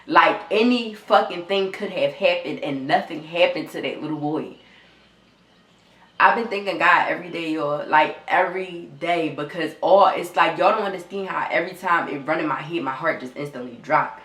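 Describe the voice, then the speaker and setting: A woman's voice: low voice, normal speed, fairly bright tone, roomy sound. A young woman telling her story straight to viewers in a vlog, near tears, raw and repetitive, swearing often. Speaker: vlogger.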